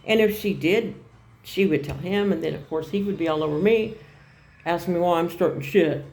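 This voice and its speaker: A woman's voice: lowish voice, normal speed, creaky, darkish tone. A middle-aged woman telling a personal story on her vlog in a plain-spoken, rambling way, often repeating herself. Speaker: vlogger.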